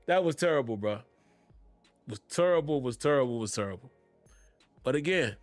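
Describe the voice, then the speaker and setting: A man's voice: a little high, a bit bright, dry recording. Laid-back man hosting a fan podcast. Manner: laid-back Southern-tinged slang, laughs often. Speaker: podcast host. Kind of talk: casual podcast commentary.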